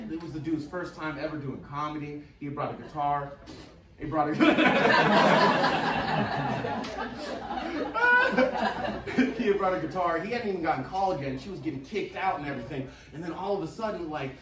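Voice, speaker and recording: A man doing stand-up, telling a wild profane story and acting out shrieking characters. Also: high voice. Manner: animated, loud, profane, acts out shrieking characters. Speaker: stand-up comedian. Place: comedy club stage. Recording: roomy club from a distance with crowd. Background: audience laughter.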